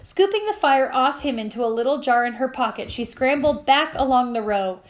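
A woman teacher reading a novel aloud to her class, with steady storytelling and small slips she corrects. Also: high voice, normal speed, poor audio.

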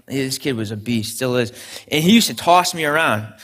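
A man's voice: medium pitch, lively intonation, moderate pace, a bit bright. A young adult man, a pastor, preaching a sermon in an earnest storytelling way with frequent restarts.

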